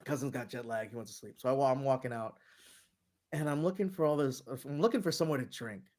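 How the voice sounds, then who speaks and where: A man's voice: mid-range voice, fast talker, darkish tone. Man, from New York, casual storytelling, rambling, profane, laughing. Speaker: guest.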